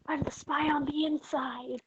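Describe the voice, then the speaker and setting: A woman voicing a young male ally in a tabletop game, an eager and easily swayed character who talks in quick, excitable exclamations. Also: high-pitched, noisy background. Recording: muffled lo-fi mic.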